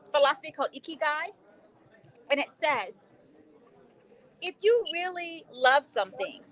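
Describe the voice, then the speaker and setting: Lady in her 60s, high voice, emphatic, acts out her own convos while telling a story. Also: low-quality recording. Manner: animated, emphatic, quotes herself in dialogue. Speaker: guest educator. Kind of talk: conversational storytelling on a talk show.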